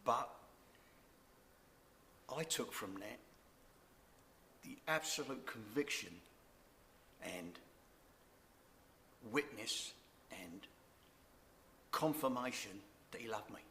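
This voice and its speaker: A man's voice: medium pitch, expressive, slow, long pauses, sharp tone, slight background noise. An older man sharing a personal faith testimony, earnest and reflective, repeating key words. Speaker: church member giving testimony.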